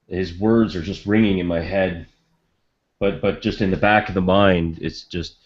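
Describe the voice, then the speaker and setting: A man with a very deep voice plays a tabletop game and describes his character hesitantly. He uses many fillers. The audio is dull. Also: steady tone, normal speed. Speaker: player. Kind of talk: tabletop role-play.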